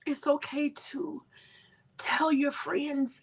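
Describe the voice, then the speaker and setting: A woman hosting a podcast, talking earnestly and with emotion, sometimes dropping to a soft whisper. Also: medium pitch, slow pace, husky. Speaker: podcast host. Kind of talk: candid personal reflection.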